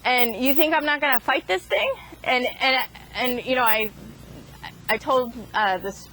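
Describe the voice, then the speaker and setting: Woman, somewhat high voice, casual vlog talk, halting restarts, fillers. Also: pushed and bright, poor audio. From Boston area. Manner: halting, many restarts and fillers, chuckles at herself. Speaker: chicken farm vlogger. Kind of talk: casual rambling monologue.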